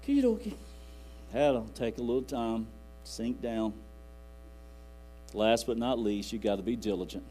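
A man's voice: fairly low pitch, fairly even intonation, measured pace, long pauses, dark tone, rough recording. Folksy preacher man. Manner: folksy, rambling, quotes scripture aloud. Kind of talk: sermon. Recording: faint music and mains hum.

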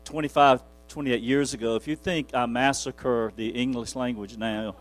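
A man's voice: mid-range voice, fairly even intonation, moderate pace. A man preaching as a pastor, telling rambling, self-deprecating stories from the pulpit with frequent chuckles. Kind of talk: folksy storytelling from the pulpit.

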